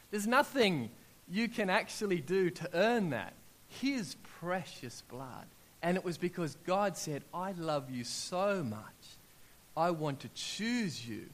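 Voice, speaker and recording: A man in his thirties preaching with lively, story-driven energy. He acts out his own prayers as part of the telling. His voice sits a little higher than most men's. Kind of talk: sermon.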